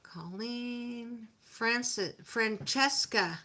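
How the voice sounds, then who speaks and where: Slow, chatty woman live-streaming crafts. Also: on the high side, sharp tone. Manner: chatty, narrates her crafting and greets viewers. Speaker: livestream host. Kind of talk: casual livestream chat while crafting.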